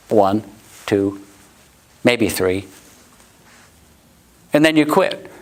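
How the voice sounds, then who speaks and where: A middle-aged man giving a sales training talk, acting out customer quotes in high voices. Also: low-quality recording. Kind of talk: motivational sales talk to a live audience. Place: warm indoor room.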